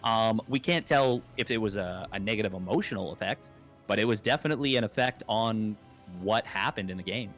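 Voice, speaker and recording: A man's voice: on the low side, fairly quick, fairly bright tone, soft background music. Rambling, joking male game caster. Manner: rambling, joking, many fillers. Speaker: esports caster. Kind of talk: casual play-by-play commentary.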